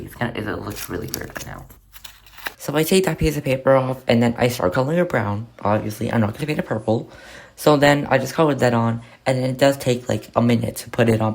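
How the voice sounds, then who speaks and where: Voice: medium pitch, gravelly, a little hiss or hum. A crafting vlogger narrating their own paper project in a rambling, chatty, self-mocking way. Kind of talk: casual narrated crafting vlog.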